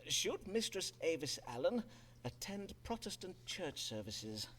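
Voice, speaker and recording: A self-assured Elizabethan doctor in a game, speaking in archaic courtly phrases. His voice moves widely in pitch. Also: very animated, a little slow, fairly bright tone, full character voice. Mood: courteous. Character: pompous Elizabethan male doctor-astrologer.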